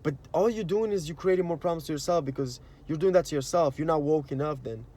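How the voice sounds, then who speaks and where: Speaking fast in a dark-toned voice on the high side, a spiritual vlogger gives an earnest, wandering monologue. He talks in slang with plenty of "you know" and "like," and acts out quoted inner voices.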